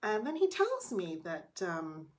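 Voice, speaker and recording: A woman's voice: mid-range voice, slow pace. Chatty middle-aged woman telling a story. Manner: chatty, animated, with hushed asides. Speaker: vlogger. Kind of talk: casual storytelling to camera.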